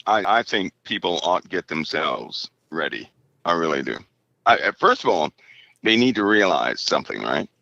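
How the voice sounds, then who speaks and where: A man guest on a remote call, speaking haltingly and checking in with "right?" as he goes. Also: sits low, big pitch swings, bright, forceful tone, no echo, muffled recording. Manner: halting, tags lines with "right?". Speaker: interview guest. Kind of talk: casual interview.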